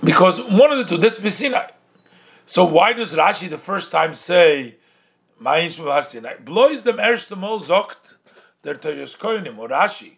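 A man's voice: high-pitched, expressive, unhurried, gravelly, fairly bright tone. A man with a somewhat raised voice teaches a Torah text. He reads a phrase, translates it, then restates the point in a sing-song study cadence, slipping Yiddish and Hebrew terms into his English. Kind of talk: Talmudic-style study lesson.

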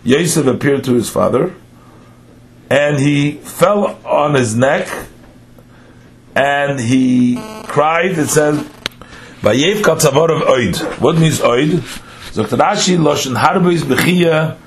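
A man's voice: on the high side, slow pace, slight background noise. A man, teaching a text study lesson: he reads phrases aloud, then explains them line by line with patient questions.

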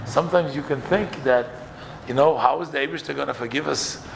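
Man with a gravelly voice teaching a Torah class, quoting texts and translating them one by one. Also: fairly high pitch, a little fast, a little hiss or hum.

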